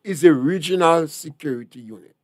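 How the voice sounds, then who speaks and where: A man's voice: on the high side, a little fast, a little mellow, no room sound, studio quality. A man with a Grenadian accent, a talk show guest, lecturing emphatically with rhetorical questions. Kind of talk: political talk show discussion.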